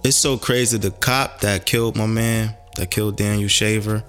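A man in casual podcast chat, animated and rambling, with lots of cursing. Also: lowish voice, moderate pace, soft background music.

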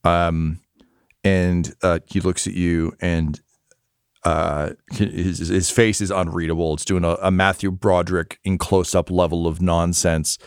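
A man's voice: sits low, flat delivery, unhurried, clean tone, no room sound, clean studio sound. A man narrating as game master, casual and hesitant, with many fillers.

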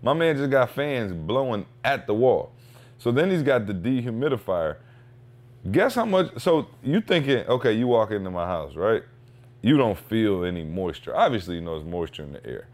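A man hosting a podcast, telling a casual, slangy story with lively energy and acting out what people said. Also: on the low side, normal speed. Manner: animated storyteller, slangy, acts out quotes. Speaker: podcast host; father.

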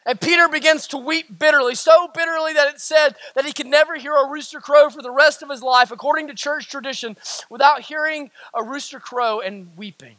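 A man with a Southern US accent preaching a sermon as a pastor, swinging from shouted lines to hushed, quiet ones. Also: very high-pitched, a little fast, no echo. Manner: dramatic swings from shouting to hushed near-whispers.

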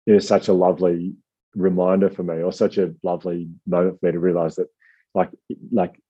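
Deep, dark-voiced man telling a story. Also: a little fast, slightly rough, muffled recording. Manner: rambling, self-deprecating, animated quoting. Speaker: author guest. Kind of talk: casual storytelling.

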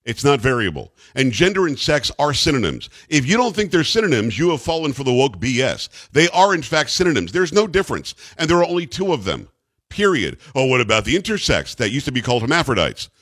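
A man's voice: medium pitch, very animated, fairly quick, fairly bright tone, no echo. A man hosting a talk radio show, speaking bluntly and emphatically with a joking edge, in a radio studio.

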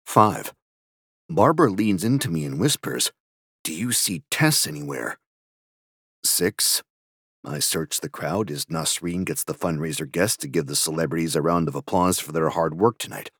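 A deep, husky-voiced young man murmurs his obsessive thoughts as a killer in an audio drama. He speaks slowly in a very low register, with faint music under him. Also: animated, dry recording, clean studio sound, full character voice. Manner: hushed, obsessive inner monologue. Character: delusional young male killer stalking a woman. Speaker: first-person narrator.

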